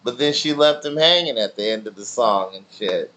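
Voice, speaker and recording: A man's voice: medium pitch, lively intonation, moderate pace, pushed and bright. A man streaming, telling rambling stories in loose slang with plenty of swearing. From family in Nigeria. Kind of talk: casual chat with stream viewers.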